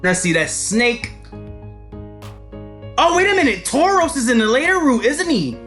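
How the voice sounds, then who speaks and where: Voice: high-pitched, big pitch swings, measured pace, fairly bright tone. Loose, laughing game streamer in casual commentary, swears freely, faint music under.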